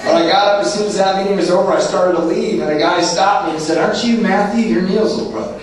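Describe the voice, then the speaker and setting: A man with a Southern Californian accent tells his recovery story with self-mocking humor, his voice a little higher than most. He is recorded from across a very echoey meeting room. Background noise is clearly audible behind him. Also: fast talker. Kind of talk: personal recovery talk. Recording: distant mic in a roomy, noisy hall.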